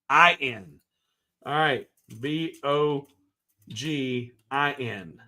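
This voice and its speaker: A man from the American South hosts a casual woodworking livestream, rambling in a friendly way and restarting often. His voice is mid-range and sharp, and he draws out his words.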